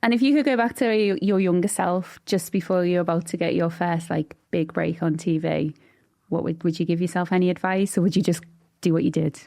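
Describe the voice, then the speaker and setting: A woman's voice: on the low side, steady tone, fairly quick, gravelly, dark tone. A woman hosting a podcast, asking questions with enthusiasm. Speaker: podcast host. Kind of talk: podcast interview.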